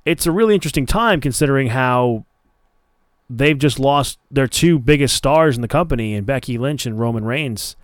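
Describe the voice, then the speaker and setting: A man's voice: medium pitch, expressive, moderate pace, dry recording, studio quality. A man hosting a casual solo podcast, talking in a loose, chatty way with plenty of fillers and restarts. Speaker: podcast host.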